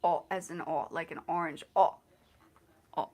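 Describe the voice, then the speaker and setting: A woman hosting a casual livestream, playful and quick to laugh, coaching someone on pronunciation. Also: lowish voice. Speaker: livestream host.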